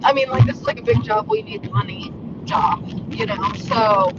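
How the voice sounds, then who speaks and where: A woman co-hosting by phone while she drives, loud and gushing, swearing and laughing as she chats. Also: very high-pitched, huge pitch swings, moderate pace, lo-fi sound. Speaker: podcast co-host calling in. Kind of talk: casual chat while driving. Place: in a car. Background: road noise.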